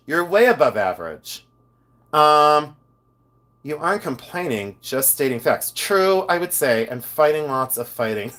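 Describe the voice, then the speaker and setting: A man talks casually to his viewers on a live stream, joking around as he chats. His pitch sits in the middle range. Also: sing-song, measured pace, a bit bright. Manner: chatty, joking, reads chat comments aloud. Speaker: live stream host reselling buttons.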